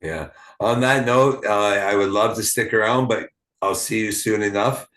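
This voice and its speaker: A man from Canada hosting a podcast, talking in a casual, rambling way with many fillers and halting restarts. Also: fairly low pitch, a bit bright. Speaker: podcast host. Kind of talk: casual interview chat. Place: small town.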